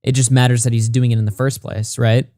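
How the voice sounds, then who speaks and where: A commentary channel host with a medium-pitched, mellow voice and level tone reads messages and reports quickly, then reacts bluntly and with plenty of profanity. The recording is clean studio sound with no room noise.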